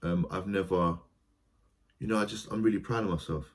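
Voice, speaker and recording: A man, a theatre practitioner talking as a podcast guest, animated and storytelling, often breaking into quoted voices and restarting his sentences. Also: deep voice, brisk. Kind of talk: conversational podcast interview.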